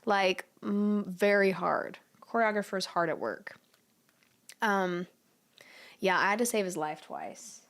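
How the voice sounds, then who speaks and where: A woman's voice: mid-range voice, animated, takes it slowly, fairly bright tone. A young woman casually chatting with viewers on a livestream from home, giggly and slangy, often cooing at her cat. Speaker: livestream host.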